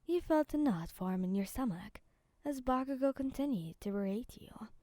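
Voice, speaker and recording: A woman narrating a second-person fan story in a soft, calm, even reading voice. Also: a little high, normal speed, no echo.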